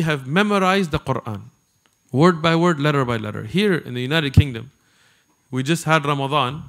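A man preaches to a gathered audience in a fairly high voice that rises and falls with plenty of movement. He talks like he's chatting, throwing quick asides and questions to the people in front of him. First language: not Arabic. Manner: animated and conversational, with asides to the audience. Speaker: Islamic preacher. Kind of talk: lecture to a live audience.

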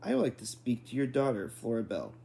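A man's voice: mid-range voice, wildly swooping pitch, fast talker, vocal fry, mellow. A man doing a stiffly formal boy. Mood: earnest. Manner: stiff, overly formal speech. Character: odd formal boy, dramatic and polite.

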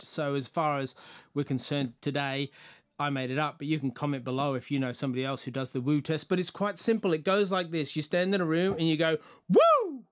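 A man with an Australian accent giving a playful, chatty how-to demonstration, recorded in a home kitchen on a laptop's built-in mic. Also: fairly high pitch. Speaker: video tutorial presenter.

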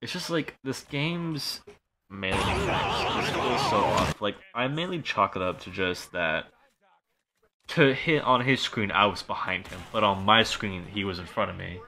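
A man streaming a shooter game, commenting live as he plays, swearing and swinging between low mumbles and excited outbursts. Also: measured pace, noisy background.

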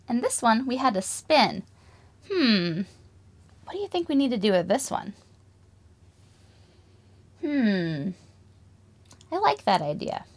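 Singing and playing with toys, a young woman teaches toddlers music in a high, slightly bright voice. She fills the preschool lesson with exaggerated wonder and plenty of questions.

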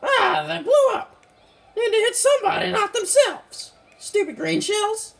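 A man voicing a hyper, boastful little male mushroom kart racer with a squeaky voice and a slight southern twang, excitable and yelping at every mishap during game commentary. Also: a little slow, gravelly, slight background noise, full character voice. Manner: excitable, yelps and complains at mishaps. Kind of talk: let's-play game commentary in character.

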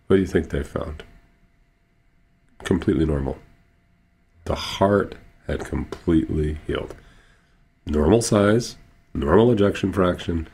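A man's voice: a bass voice, vocal fry, darkish tone, slightly rough. A middle-aged man telling healing stories as a guest on a radio interview, earnest and building to emphatic payoffs. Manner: acts out patients' quoted speech. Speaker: healer and guest.

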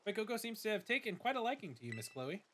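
A man's voice: high-pitched, sing-song, quick pace, background noise, pitched above the performer's own voice. A man voicing a formal, slightly pompous older male academy director while reading game dialogue aloud.

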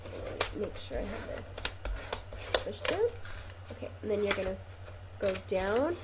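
A woman's voice: mid-range voice, sing-song, moderate pace, heavy background noise. A woman hosting a casual craft tutorial, chatty and rambling with frequent ums and self-corrections, a little sniffly from a cold. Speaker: craft video host.

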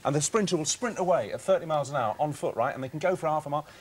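A man's voice: a little high, expressive, rapid-fire. A man co-hosting a daytime talk show, rambling and enthusiastic as he interviews a guest. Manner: rambling, enthusiastic, repeats words.

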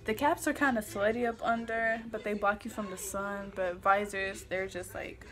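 A woman's voice: medium pitch, fairly even intonation, normal speed, fairly bright tone. A young woman from Kansas City, Missouri, vlogging casually to the camera in a sassy, goofy, emphatic way, swearing freely. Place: home. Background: faint music playing.

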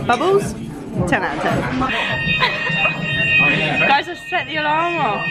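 A woman's voice: high voice, huge pitch swings, takes it slowly, pauses often, loud music behind the voice, over a noisy crowd. Bubbly, gushing young woman vlogger. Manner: bubbly, gushing, laughs often. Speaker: fitness and food vlogger. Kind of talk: casual vlog.

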